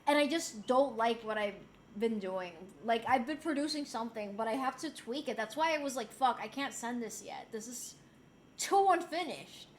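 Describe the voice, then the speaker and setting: A woman's voice: a little high, moderate pace, a little hiss or hum. A young adult woman streamer chatting casually and reading chat aloud. She swears freely, laughs often, and has a slightly sore throat.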